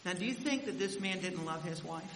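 Male preacher, dramatic storyteller, bright edge, long hall reverb. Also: high voice, animated, a little fast. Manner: dramatic storytelling, voice rising and dropping. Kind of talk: sermon. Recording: echoey hall with faint hiss.

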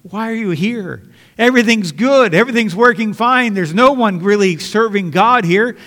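A smug, scornful demon mocks anyone who would disturb it, put on by a man in a sermon. The voice sits high and rings with a long hall echo. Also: normal speed, fairly bright tone. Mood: mocking. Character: defiant demon, male, smug and dismissive.

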